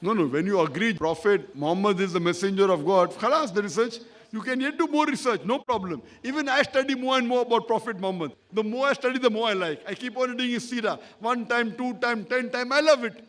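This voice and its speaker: In a very high, slightly bright voice and at a fast clip, a man answers an audience member during a public Q&A talk as an Islamic lecturer. He stresses and repeats his points, often seeking agreement with "correct?"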